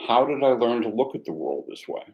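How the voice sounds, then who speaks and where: A man teaching meditation, speaking in a reflective, conversational way with a gently self-mocking humor. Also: medium pitch, big pitch swings, brisk, vocal fry, lo-fi sound. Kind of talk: mindfulness dharma talk.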